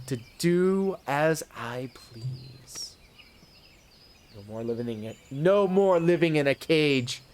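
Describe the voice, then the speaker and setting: A man voicing a rebellious young noblewoman in a raised falsetto, reading game dialogue aloud. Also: slight background noise. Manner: raised falsetto, pleading then defiant.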